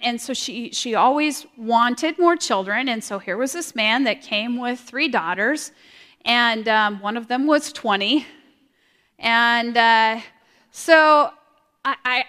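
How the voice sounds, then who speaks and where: Woman giving an earnest, halting testimony. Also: fairly high pitch, bright, forceful tone. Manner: halting, repeats words, earnest. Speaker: speaker sharing a testimony. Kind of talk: personal testimony talk. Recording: long hall reverb.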